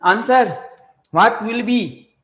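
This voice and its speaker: A man's voice: high voice, slow, a bit bright. A man with an Indian English accent teaching a live online exam-prep class. He switches between English and Hindi, repeats his points and keeps quizzing his viewers. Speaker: engineering exam tutor. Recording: roomy echoey room.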